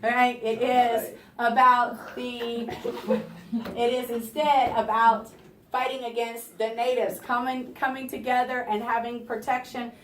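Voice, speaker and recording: A woman teacher giving a classroom review lesson, lively and engaging her students with frequent questions and asides. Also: on the high side, a little slow. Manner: lively, talks to students, keeps asking "right?". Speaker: history teacher. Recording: echoey classroom, from far off, faint room noise.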